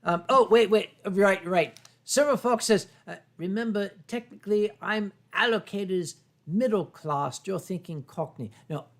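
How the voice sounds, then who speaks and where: A man's voice: high-pitched, unhurried. An American man hosting a casual livestream, reading chat messages aloud with boisterous, swearing banter. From North Carolina. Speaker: stream host.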